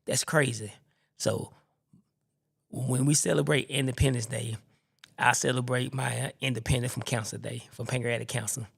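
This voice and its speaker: Man, podcast host, gravelly mid-pitched voice, animated faith testimony. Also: normal speed. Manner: animated storyteller acting out the people he quotes. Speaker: podcast host telling his own story.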